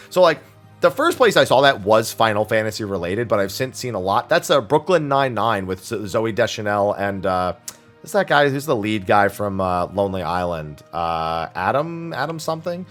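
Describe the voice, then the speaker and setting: A man's voice: on the low side, big pitch swings, moderate pace, fairly bright tone, soft background music. A man streaming a weekly Q&A, talking casually and rambling with lots of fillers, restarts and casual swearing. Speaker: streamer answering viewer questions. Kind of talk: casual chat.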